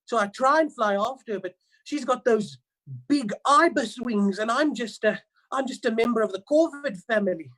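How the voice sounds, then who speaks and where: A man's voice: very high voice, moderate pace, a bit bright, rough recording. A man on a video call playing a paranoid, suspicious male crow in an improvised comedy scene, telling the story dramatically. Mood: indignant. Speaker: improv performer. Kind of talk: improvised first-person storytelling.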